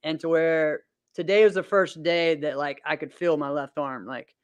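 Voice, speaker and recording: 30s guy rambling on a podcast, laughs a lot, lots of ums, clean smooth voice, dry close sound. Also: a little high, steady tone, normal speed, no room sound. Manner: rambling, upbeat, laughs often, many fillers. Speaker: podcast host and martial arts competitor. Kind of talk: casual chat.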